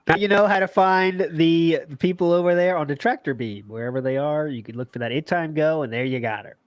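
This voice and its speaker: A man's voice: on the high side, steady tone, a little fast. A man co-hosting a podcast in casual chat, joking around and laughing often. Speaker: podcast co-host.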